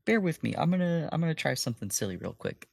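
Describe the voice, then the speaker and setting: A man plays a tabletop horror game with a lively, swooping voice that has a husky edge. The recording is dry and close, and he jokes and stumbles over restarts. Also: fairly high pitch, fast, no echo. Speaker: player.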